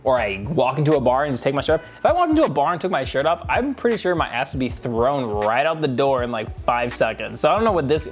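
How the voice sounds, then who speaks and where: A man's voice: mid-range voice, big pitch swings, fast talker, hardly any pauses, soft background music. A man reviewing a reality show, sarcastic and crude, laughing often at the clips. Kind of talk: comedic commentary over clips.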